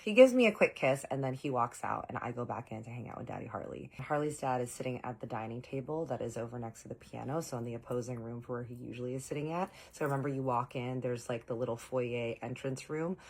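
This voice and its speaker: A woman's voice: a bass voice, fast talker, few pauses, darkish tone. A woman telling a personal story in a chatty vlog style, full of fillers and asides to the viewers.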